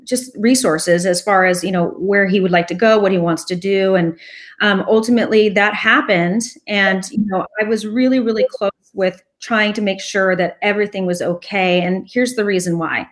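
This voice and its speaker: A woman's voice: mid-range voice, steady tone, normal speed. Chatty, rambling woman telling a story. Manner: chatty and rambling, laughs often. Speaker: nonprofit co-founder and interview guest. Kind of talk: casual interview storytelling.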